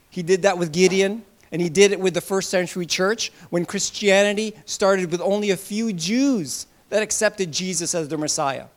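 A man preaching a sermon to his congregation, animated, with loud bursts and soft asides. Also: sits high. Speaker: pastor.

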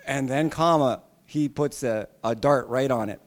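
Male pastor, sermon, emphatic, animated, playful asides, slightly high pitch. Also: normal speed, few pauses.

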